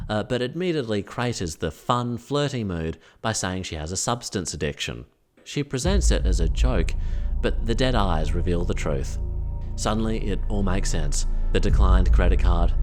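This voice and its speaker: A man giving a comedic, sarcastic recap of a TV episode, full of wry asides. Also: deep voice. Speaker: recap vlogger.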